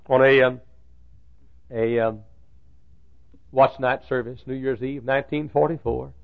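A pastor preaches in a storytelling manner, repeating phrases and rising to emphatic peaks. His voice is gravelly and sits at a middle pitch. The recording is tinny and phone-like, like an old sermon tape. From Dallas, Texas.

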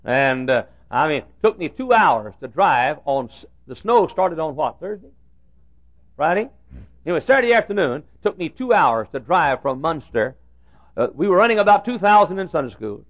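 Gravelly older preacher man, lo-fi. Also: on the high side, very animated, normal speed, no room sound. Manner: folksy, swings from loud preaching to hushed asides. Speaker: pastor. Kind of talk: sermon with storytelling. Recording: tinny phone-like sound.

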